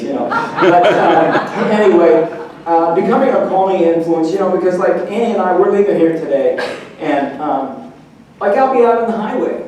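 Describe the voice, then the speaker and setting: A man delivers a humorous motivational keynote, telling stories and putting on little voices for laughs. His voice sits high. The recording comes from far back in a big echoing hall, with a faint hum of room noise. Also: normal speed, a little mellow. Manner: storytelling, acts out voices for laughs. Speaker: motivational speaker. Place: large hall.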